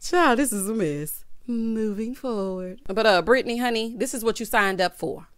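A woman's voice: a little high, normal speed, clear, resonant tone, dry recording, studio quality. A woman giving a sassy, casual recap of a reality TV show, mimicking the cast as she goes. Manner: sassy, animated, mimics the cast in quoted voices.

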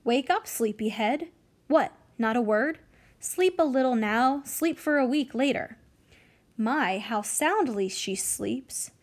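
A fussing older nurse who bosses the household around, read by a woman. Her voice is pitched high and scolding. She shrieks upward whenever she is alarmed. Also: lively intonation, slow. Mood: panicked. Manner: bossy, scolding, then wailing. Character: fussing older female nurse, bossy then panicked.

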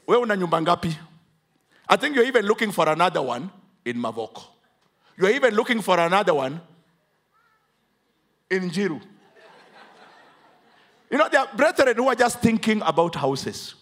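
Kenyan male pastor, high-pitched and animated, dramatic call-and-response preaching. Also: moderate pace, pauses often. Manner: preaching, switches between English and Swahili; dramatic, swings from hushed to loud emphatic. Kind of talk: sermon with congregation call-and-response.

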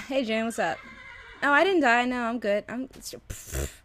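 A woman's voice: a little high, unhurried, a little hiss or hum. A young woman giving casual, sarcastic let's play commentary, talking to the game's creatures as she plays. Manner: animated, sarcastic, talks to game creatures.

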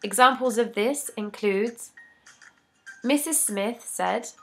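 Woman, English grammar lesson, slow unhurried pace, mid-pitched voice, measured scripted reading. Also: fairly bright tone, faint music behind. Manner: measured, deliberate reading of examples. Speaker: English teacher.

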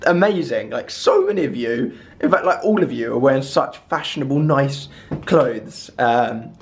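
A young man in his twenties vlogging from a hotel room, tired but chatty and excitable, rambling to the camera. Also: medium pitch, moderate pace, slight background noise. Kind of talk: casual vlog chat.

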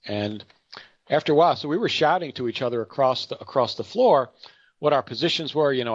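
A man's voice: medium pitch, expressive, quick pace, no echo, highs cut off. A middle-aged man giving an unscripted market commentary, rambling and correcting himself with chatty asides and anecdotes.

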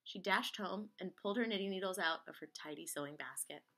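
A woman reading a picture book aloud in a lively way, singing out sound effects as she goes. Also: lowish voice, a little fast. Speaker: reader.

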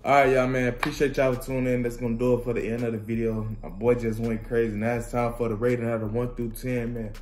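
A young man, bursting into loud exclamations over the plays. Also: mid-range voice, flat delivery, fast talker, hardly any pauses. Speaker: reaction channel host. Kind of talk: casual sports highlight reaction.

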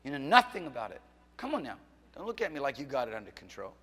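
A middle-aged man preaching a fiery church sermon as pastor, swinging from loud exhortation to quiet asides and teasing questions. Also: medium pitch, huge pitch swings, quick pace, slightly rough. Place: church sanctuary. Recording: long hall reverb in a church.

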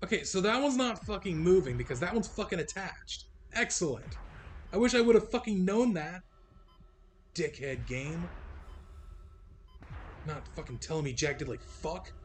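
A man's voice: high voice, sing-song, moderate pace, long pauses, slight background noise. A young man commentating a video game he is playing, swearing and exasperated, often stammering and restarting his sentences. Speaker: gaming streamer. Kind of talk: frustrated let's-play commentary. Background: game music.

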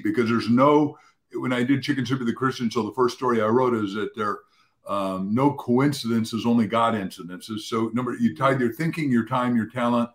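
Male author guest telling anecdotes. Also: mid-range voice. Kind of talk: interview talk.

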